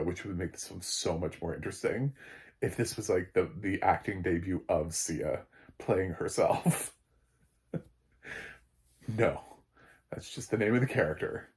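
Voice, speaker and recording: A man's voice: fairly low pitch, creaky, darkish tone. An American man giving a casual spoken film review, blunt and sarcastic, rambling with lots of fillers and restarts. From United States. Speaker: film critic.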